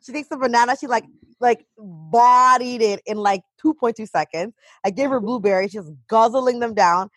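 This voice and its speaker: A woman, a mother of a toddler, telling animated stories in casual chat and saying "like" a lot. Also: on the high side, normal speed, dry recording. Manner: animated storytelling, heavy use of "like".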